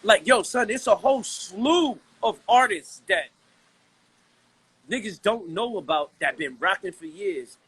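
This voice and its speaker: A man from Brooklyn talking as a guest in a casual hip-hop chat, animated and slangy, restarting his sentences a lot. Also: high-pitched, measured pace, breathy edge, poor audio.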